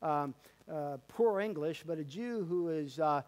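High-voiced folksy male preacher. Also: animated, measured pace, a little mellow. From Canada. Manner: folksy, repetitive emphatic preaching with many fillers. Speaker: pastor. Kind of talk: sermon. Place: church sanctuary.

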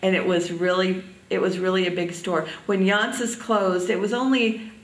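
An older woman from Indiana reminiscing in an oral history interview, halting often with ums. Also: medium pitch, steady tone, echoey room, distant mic, low-quality recording.

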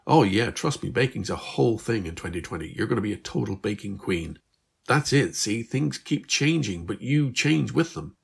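A weary but hopeful Irish teenage girl who talks fast and earnestly and sounds a bit exasperated, as a man voices her. Her voice is only lightly raised and keeps a gravelly, husky edge. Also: on the low side, animated, exaggerated voice. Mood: reassuring. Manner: chatty, earnest, slightly exasperated.

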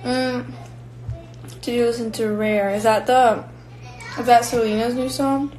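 A woman's voice: fairly high pitch, fairly even intonation, unhurried, a little mellow, soft background music, rough recording. A young woman from Finland, casually chatting with fans on a live stream and answering their comments while she eats. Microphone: phone or built-in mic.

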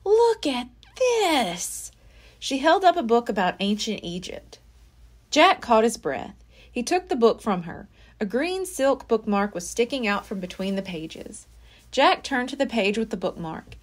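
A woman's voice: fairly high pitch, big pitch swings, normal speed. A woman library storyteller reading a children's chapter book aloud with expression. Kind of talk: children's read-aloud narration.

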